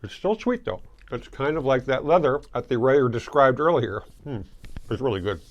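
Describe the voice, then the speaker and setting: A man's voice: medium pitch, animated, normal speed, highs cut off. A man from Michigan, hosting a casual candy tasting video, chatting and chewing as he reviews each piece. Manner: chatty, chewing while talking. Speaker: host.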